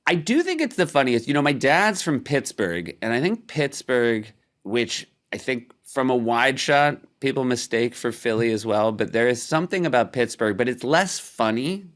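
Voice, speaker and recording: A man's voice: medium pitch, big pitch swings, moderate pace, few pauses, fairly bright tone. A middle-aged man chatting as a podcast guest, laughing often and making dry jokes. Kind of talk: casual chat.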